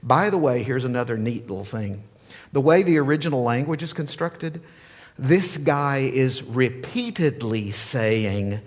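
Husky male preacher in an echoing hall. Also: medium pitch, unhurried. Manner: animated, playful, rhetorical questions. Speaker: pastor. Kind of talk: sermon.

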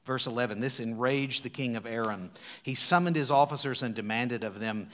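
A man preaching a sermon as a pastor, retelling a scripture story expressively, swinging from loud emphasis to hushed tones. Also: mid-range voice, normal speed.

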